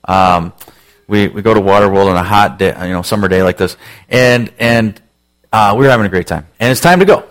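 A man's voice: low-pitched, steady tone, a little fast, fairly bright tone. A man in his forties, a pastor telling a self-mocking story in a sermon, acting out voices with lots of energy.

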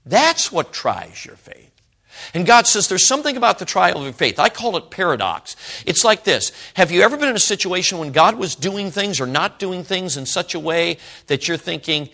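A middle-aged man preaching a sermon, telling a folksy story with frequent laughs and swings between loud and hushed. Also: high-pitched, very animated, moderate pace. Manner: folksy storytelling, frequent "you know what I'm talking about".

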